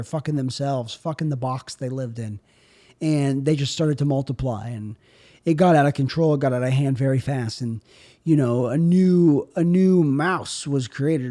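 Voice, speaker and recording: A young man hosting a solo podcast, riffing on absurd bits in a rambling, offhand way. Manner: absurd deadpan riffing, drifting in pitch and loudness. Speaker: podcast host.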